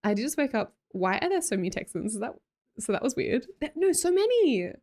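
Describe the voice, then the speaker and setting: A woman's voice: high voice, big pitch swings, brisk, darkish tone. A young Australian woman chatting casually on a live stream, greeting chatters and laughing often. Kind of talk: casual live-stream chat, reading chat aloud.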